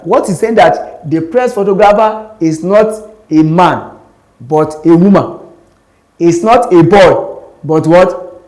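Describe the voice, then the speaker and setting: A male tutor with a Nigerian English accent walks students through exam questions in a classroom. His voice sits a little high for a man, and he repeats each rule so it sticks. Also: darkish tone. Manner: explains step by step, repeats key points. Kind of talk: classroom lesson.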